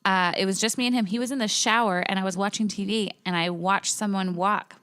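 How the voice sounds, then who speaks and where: A woman's voice: medium pitch, brisk, clean tone. A woman co-hosting a casual podcast, telling stories bluntly and acting out what others said. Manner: animated, mimics others' voices in her anecdotes; frequent swearing, blunt. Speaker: podcast co-host. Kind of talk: casual storytelling chat.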